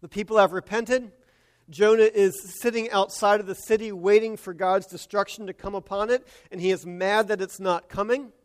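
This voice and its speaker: A man preaching an earnest sermon, moving between hushed and emphatic delivery. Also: high-pitched, steady tone, moderate pace. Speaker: pastor.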